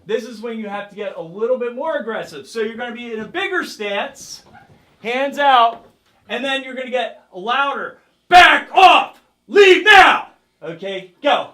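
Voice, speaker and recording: A man's voice: extremely high pitch, moderate pace, sharp tone, slight background noise. A man teaching a self-defense class as karate instructor, coaching a group with energy and calling out drills. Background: group of participants.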